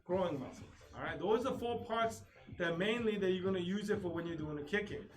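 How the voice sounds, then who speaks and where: A man teaching a live online taekwondo class, calling kick counts and drills with sharp shouts. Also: sits high, a little fast, distant mic. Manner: coaching commands, loud kiai shouts. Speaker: taekwondo instructor. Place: training studio.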